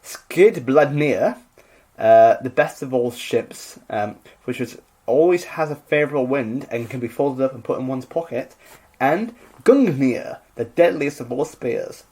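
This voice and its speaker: A man co-hosts a casual podcast, his voice swinging lively between high and low. He reads old myths and breaks off to joke with his co-host. He keeps it loose and animated. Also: unhurried, breathy edge. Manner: animated, joking, mock voices. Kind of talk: casual chat and reading myths.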